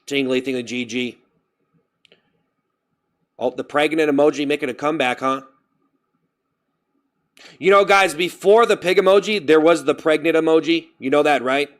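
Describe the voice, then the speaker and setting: A man chatting on his live stream, rambling and animated, breaking off to thank viewers for donations. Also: a little high, moderate pace, pauses often. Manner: rambling, animated, jumps to loud self-scolding; reads out and thanks chat donations. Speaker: livestreamer. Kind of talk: casual stream chat.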